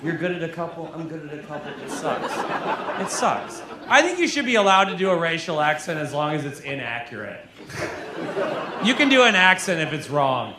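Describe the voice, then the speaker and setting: Deadpan stand-up comedian, drunk, echoey club. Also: male voice, on the high side, moderate pace. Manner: deadpan, mock-earnest, addresses the crowd. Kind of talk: stand-up comedy set with crowd banter. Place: comedy club stage, audience laughing. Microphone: handheld stage mic. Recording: echoey live club recording, crowd noise.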